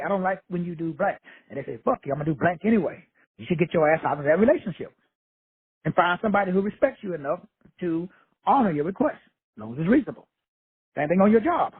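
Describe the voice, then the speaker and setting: Husky Texan man, tinny dry sound. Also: sits high, no echo. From Texas. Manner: blunt, profane, preachy. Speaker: self-help lecturer. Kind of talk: casual motivational monologue.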